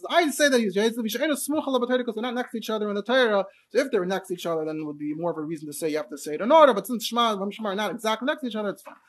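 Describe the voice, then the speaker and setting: Male Torah teacher. Talks fast and explains things with lots of asides. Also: high-pitched, a bit bright. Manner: rapid, explanatory, full of fillers and asides. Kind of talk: Torah class on Hebrew pronunciation.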